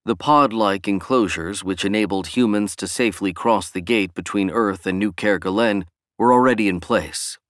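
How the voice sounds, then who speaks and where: A man narrating a science fiction audiobook in an even, measured way. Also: on the low side, no room sound, clean studio sound. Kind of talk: scripted narration.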